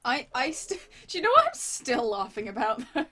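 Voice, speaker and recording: A woman's voice: sits high, huge pitch swings, normal speed, background noise. A woman hosting a live stream, chatting casually and teasing her guest, giggling often. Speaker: streamer host. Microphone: desk mic.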